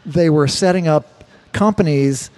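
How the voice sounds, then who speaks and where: A man's voice: fairly high pitch, measured pace, darkish tone. Rambling, profane man co-hosting a chat show. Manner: rambling, profane, repeats words while searching for them. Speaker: podcast co-host. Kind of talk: casual chat.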